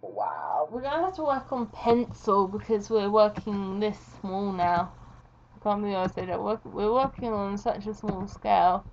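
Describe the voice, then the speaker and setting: A woman's voice: mid-range voice, lively intonation, normal speed, muffled recording, slight background noise. A woman giving casual, rambling, self-deprecating commentary while she draws for her video. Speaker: video creator.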